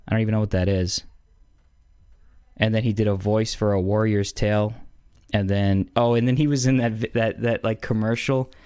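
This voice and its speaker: A man casually rambling about movies, with lots of fillers and slang. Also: medium pitch. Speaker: movie reviewer. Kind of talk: casual chat.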